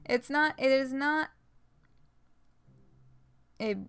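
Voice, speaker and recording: A woman's voice: high voice, drawn-out words, fairly bright tone, no echo. A young adult woman streaming a game, chatting casually and rambling with lots of fillers and laughs. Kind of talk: casual let's-play chat.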